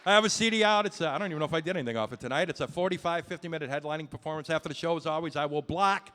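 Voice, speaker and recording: Brash, fast-talking stand-up comedian man. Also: fairly high pitch, fairly bright tone. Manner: brash, swearing, self-mocking punchlines. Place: comedy club stage.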